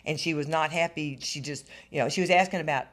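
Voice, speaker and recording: Lady in her 60s talking fast in an interview, lowish voice, keeps repeating stuff. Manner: animated, repeats herself, rises when upset. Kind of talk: emotional interview.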